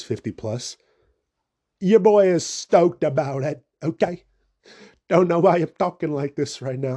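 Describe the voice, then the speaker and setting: A young podcast host delivers a rambling, profane solo monologue full of jokes at his own expense. His mid-range voice has a dark, slightly rough tone.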